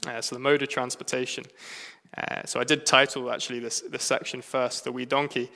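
A man with an English accent preaching a sermon, pausing often with "uh" between phrases. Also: mid-range voice, flat delivery, creaky, bright, forceful tone. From England. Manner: halting, frequent "uh" fillers. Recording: long hall reverb.

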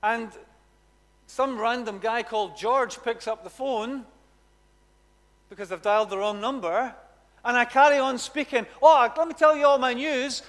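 A man preaching a sermon, animated and emphatic, repeating words for effect. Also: very high-pitched, big-room sound. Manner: animated, emphatic, with dramatic repetition.

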